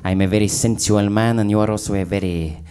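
A man's voice: fairly low pitch, fairly even intonation, quick pace, warm tone, a little hiss or hum, close to an everyday voice. An actor playing a fawning male Spanish journalist with a put-on Spanish accent in an improvised comedy radio play, hesitant and full of filler sounds. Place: live stage before an audience.

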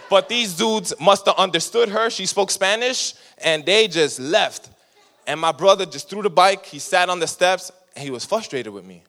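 A man's voice: sits high, moderate pace, long reverb tail. A young man preaching to a youth group, telling a story and acting out the voices of the people in it. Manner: animated, acts out voices in his stories. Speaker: youth pastor. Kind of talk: sermon with storytelling.

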